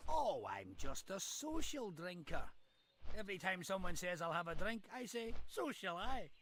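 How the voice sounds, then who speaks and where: A man's voice: high voice, sing-song, moderate pace. An actor voicing a jovial, hard-drinking male dwarf in a video game, delivering boisterous jokes. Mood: joking. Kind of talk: video game character voice lines. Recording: game audio with background noise.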